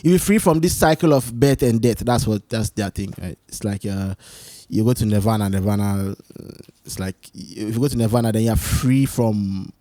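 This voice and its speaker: A man hosting his own solo talk show, rambling and animated as he tells stories, often restarting his sentences. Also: lowish voice, normal speed, dry recording. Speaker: podcast host. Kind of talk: casual solo chat.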